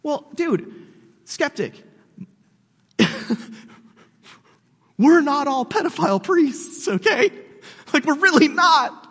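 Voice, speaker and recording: A man preaching casually to skeptics, slangy and animated, often calling the listener "dude". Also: very high voice, takes it slowly, long pauses. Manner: slangy and animated, says "dude", restarts words. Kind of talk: casual sermon addressed to skeptics. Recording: long hall reverb.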